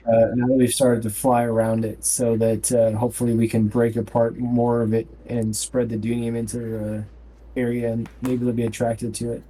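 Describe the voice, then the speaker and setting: A man's voice: mid-range voice, monotone, normal speed, mellow, slightly rough. A man playing a tabletop game, speaking in a matter-of-fact, decisive way. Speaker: player. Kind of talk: casual tabletop chat.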